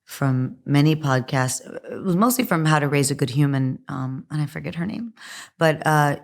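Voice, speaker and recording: A hoarse middle-aged woman talking candidly as an interview guest, chatty and full of likes and ums. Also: low-pitched, normal speed. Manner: chatty, frequent likes and ums, laughs often.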